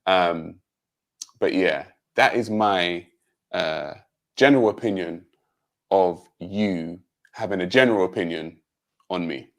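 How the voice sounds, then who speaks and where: A man with a British accent, giving a measured, pointed rebuttal on a livestream panel, with many um fillers. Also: sits low. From Jamaica. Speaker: panel guest.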